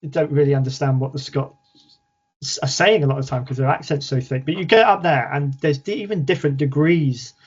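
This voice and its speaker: A man with a British English accent, chatting as a podcast guest in a relaxed, self-deprecating way that often trails off softly. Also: mid-range voice, highs cut off. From England. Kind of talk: casual interview chat.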